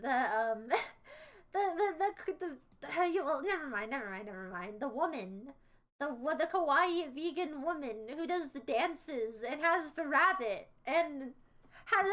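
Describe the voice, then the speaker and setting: Super high-pitched young woman streamer, bright sharp tone, giggly rambly chat with viewers. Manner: rambling and jokey, repeats catchphrases; giggly, squeals when excited. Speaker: livestreamer.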